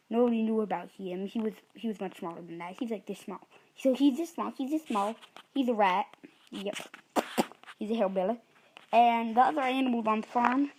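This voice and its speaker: Woman making up a silly story as she goes, kinda high voice, keeps forgetting the names. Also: a little mellow, a little hiss or hum, rough recording. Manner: rambling, loses track of names and corrects herself. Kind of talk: improvised storytelling for a puppet app.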